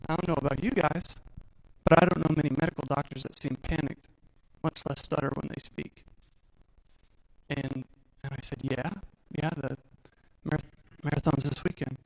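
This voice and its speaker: A man's voice: a little high, steady tone, moderate pace, creaky, long pauses, low-quality recording. A man in his late twenties or thirties telling his own survival story on stage, candid and self-deprecating, acting out the dialogue. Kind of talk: personal storytelling talk on stage.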